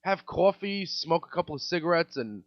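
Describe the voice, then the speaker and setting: A man in his thirties tells a profane, exasperated comedic story as a podcast host. His delivery swoops widely and sits slightly high. The recording is dry and dull, like a lo-fi home setup. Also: expressive, moderate pace, dry recording.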